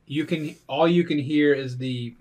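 A man running a tabletop game as game master, telling the scene in a giggly, animated way. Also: a little high, measured pace.

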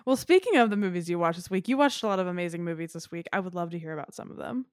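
A woman's voice: on the low side, animated, rapid-fire, no echo, clean studio sound. A woman co-hosting a podcast, talking about films in an enthusiastic, rambling way full of fillers. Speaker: podcast co-host. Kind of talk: casual film chat.

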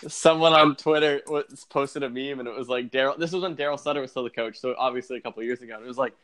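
A man's voice: mid-range voice, fast talker, a bit bright. A young man hosting a casual hockey podcast, rambling and chatty, with lots of fillers and restarts. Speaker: podcast host.

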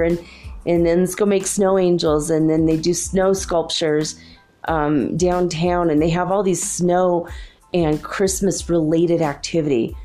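Middle-aged woman, rambling spiritual vlogger, mellow and slightly low voice, faint music behind. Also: steady tone, moderate pace. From Minnesota. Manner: rambling, chatty, laughs often. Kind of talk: casual spiritual musing.

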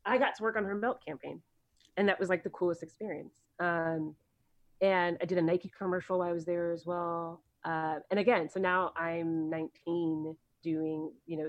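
A woman's voice: fairly low pitch, no room sound, highs cut off. A woman guest on a podcast, telling stories from her career in a chatty, rambling way with many ums and likes. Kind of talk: casual interview storytelling.

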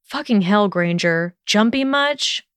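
A woman's voice: mid-range voice, lively intonation, takes it slowly, fairly bright tone, clear, resonant tone, dry recording, studio quality. Draco, a sneering young wizard, read by a woman. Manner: sneering drawl. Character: scornful young male wizard, sneering and arrogant.

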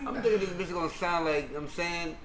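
A man chatting on a casual podcast with a bright, forward tone. He deadpans mock-serious corrections and jokes. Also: fairly high pitch, fast talker, a little hiss or hum, low-quality recording. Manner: dry, mock-pedantic joker. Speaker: podcast co-host. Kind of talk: casual banter.

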